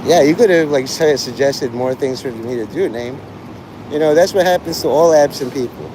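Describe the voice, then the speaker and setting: A man's voice: mid-range voice, moderate pace, background noise. A man chatting crudely and sardonically on a rambling live stream.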